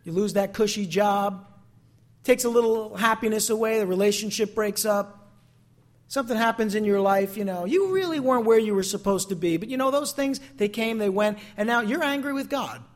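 A man's voice: high-pitched, moderate pace. A man preaching a sermon, asking the congregation pointed rhetorical questions and acting out quotes with feeling.

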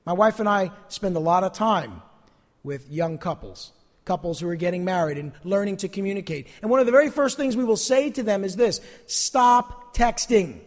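Earnest male preacher, high voice, echoey church hall. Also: brisk. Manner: earnest, animated preaching with emphatic repetitions. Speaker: pastor. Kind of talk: sermon.

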